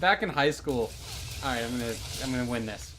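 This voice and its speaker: A man's voice: mid-range voice, expressive, a little fast, fairly bright tone, a little hiss or hum. A man co-hosting a Let's Play, casually telling a story and laughing as he goes. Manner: laughs through his storytelling. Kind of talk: casual chat while gaming.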